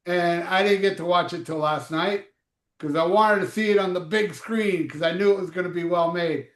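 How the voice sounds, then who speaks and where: A man in his fifties hosts a live chat show, his voice pitched high and bouncing around a roomy, echoing space. He rambles and jokes in an easygoing way, with plenty of fillers. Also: normal speed, fairly bright tone. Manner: loose, joking, rambling with fillers. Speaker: host. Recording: echoey room.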